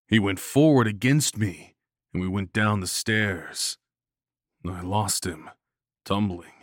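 Man, low voice, unhurried grave horror narration, dry close sound. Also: fairly bright tone, no room sound. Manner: slow, grave storytelling with pauses.

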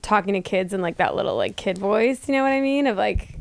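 Rambling podcast woman with a gravelly edge. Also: mid-range voice, lively intonation, fairly quick, a little hiss or hum. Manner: rambling, packed with "like" fillers. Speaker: podcast co-host. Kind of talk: casual comedic chat.

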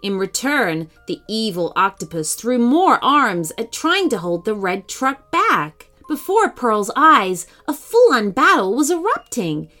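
A woman narrating a children's story in an expressive, animated reading voice. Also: on the high side.

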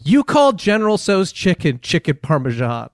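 A man hosting a comedy podcast, delivering bits in a deadpan, mock-serious tone. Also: high-pitched, moderate pace, dry recording. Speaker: podcast host.

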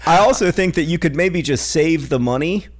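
A man's voice: fairly high pitch, moderate pace. Wry, self-deprecating male podcast co-host. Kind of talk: casual chat and reading listener questions.

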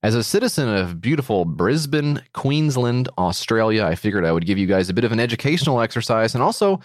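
A man's voice: mid-range voice, big pitch swings, fast, dry recording, clean studio sound. A man co-hosting a podcast in casual comedy chat, joking, swearing casually and playing mock-indignant. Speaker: podcast co-host.

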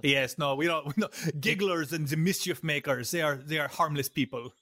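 A man's voice: a little high, fairly quick, pushed and bright. A man playing a foreign-born courtier with a put-on accent, talking theatrically in an improvised comedy play. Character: foreign-born courtier plotting against the queen.

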